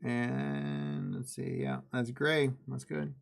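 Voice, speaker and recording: A man's voice: medium pitch, animated, takes it slowly, creaky, soft background music. A man hosting a live miniature-painting stream, chatting casually and laughing at himself while he works. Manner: chatty, self-deprecating, laughs easily.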